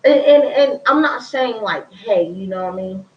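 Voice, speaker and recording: A woman's voice: fairly high pitch, lively intonation, normal speed, slight background noise. A woman talking candidly and bluntly about her life in casual storytelling, repeating herself and using slang. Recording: roomy, distant, dull lo-fi sound.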